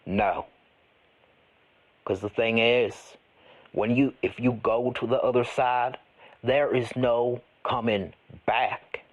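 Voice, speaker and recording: A man playing an eccentric, folksy ghost hunter who tells rambling stories with deadpan earnestness in an improvised comedy interview. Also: mid-range voice, takes it slowly, pauses often, muffled recording. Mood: mournful.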